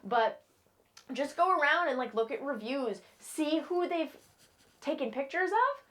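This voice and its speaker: Young woman, rather high voice, casual frank vlogger from New England, chatty with playful asides. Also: very animated, measured pace, a bit bright. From New England, United States. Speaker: model and vlogger. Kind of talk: casual chat to camera.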